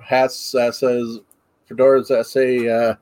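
A man's voice: medium pitch, level tone, takes it slowly, darkish tone. A man hosting a paranormal podcast, chatting casually and teasing his guest. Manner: teasing, joking. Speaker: podcast host. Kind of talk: casual chat.

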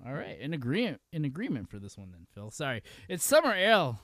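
A man's voice: on the high side, huge pitch swings, fairly quick, fairly bright tone. A man hosting a casual podcast chat, loose and profane, laughing often and restarting his sentences. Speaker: podcast host.

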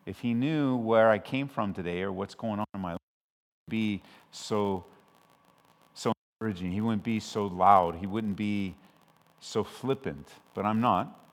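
A man from Southern California preaching a sermon as pastor, conversational with frequent restarts, swelling loud when he quotes scripture. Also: lowish voice, measured pace. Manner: conversational and self-interrupting, with restarts. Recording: long hall reverb.

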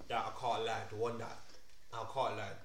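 A man's voice: lowish voice, little pitch movement, normal speed, fairly bright tone. A man, a podcast co-host talking emphatically about anime in slangy casual chat. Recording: echoey room.

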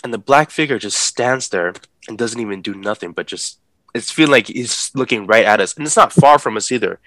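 A man telling a story in a relaxed, animated way, acting out the people in it and laughing as he talks. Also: medium pitch, fairly quick, no room sound. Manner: animated, acts out the voices of people in his story; laughs while talking. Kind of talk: casual storytelling.

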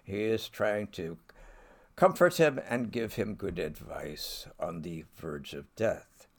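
A man's voice: deep voice, animated, slow. A man giving a conversational literature lecture, wry in tone and reading quoted lines aloud.

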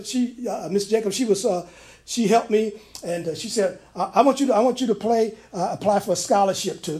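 A man preaching a sermon in a church. He moves between loud preaching and quiet personal stories, with many restarts. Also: high-pitched. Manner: many restarts and fillers when telling stories.

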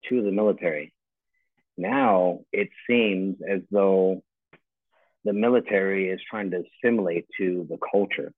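A retired army first sergeant in his forties rants bluntly, swearing plenty, during a casual chat over a call from home. His voice is deep and steady with a measured pace, and the recording is dry on a tinny, phone-like line.

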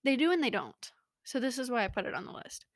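A woman's voice: a little high, sing-song, fast, dry recording. A young woman hosting a podcast, rambling in a casual, self-mocking way, recorded close in a small home studio. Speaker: podcast host. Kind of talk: casual chat.

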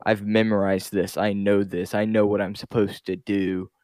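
Young guy on a podcast, lowish voice, dry sound, kinda hesitant and chill. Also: moderate pace, no room sound. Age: young adult. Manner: relaxed, hesitant, trailing off with "I guess". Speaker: podcast co-host. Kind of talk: casual chat.

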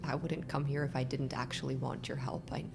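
A woman voicing a quiet, guarded grieving man who speaks in halting, stammering phrases. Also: very deep voice, flat delivery, gravelly, music in the background, voice pushed down. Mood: hesitant.

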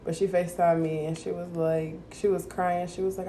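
Low-pitched woman telling an animated story. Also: a little fast, slight background noise. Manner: animated storyteller, swears freely. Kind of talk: casual chat.

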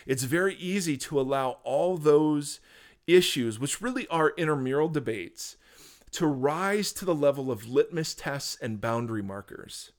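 A man's voice: on the high side, expressive, measured pace. Man, earnest, preachy, casual teaching chat, frequent restarts. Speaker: podcast co-host, pastor.

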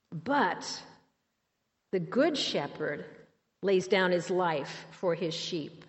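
A woman's voice: medium pitch, animated, slow. A woman teaching a Bible lesson from scripture, emphatic and asking her listeners questions. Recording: dull, hall reverb.

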